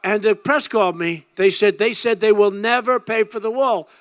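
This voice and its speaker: A man's voice: high-pitched, moderate pace, no room sound. An older man giving an emphatic, rambling campaign rally speech, repeating his phrases over and over. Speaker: political candidate.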